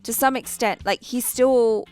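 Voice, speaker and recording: A woman's voice: a little high, steady tone, a little slow, darkish tone, clean tone, faint music behind. A woman co-hosting a reaction show, reflecting thoughtfully in casual chat and acting out characters' lines.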